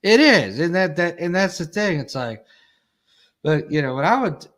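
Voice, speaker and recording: Lively, crude-talking man in casual chat. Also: fairly high pitch, normal speed. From Chicago. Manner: rambling, crude, animated. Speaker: podcast host.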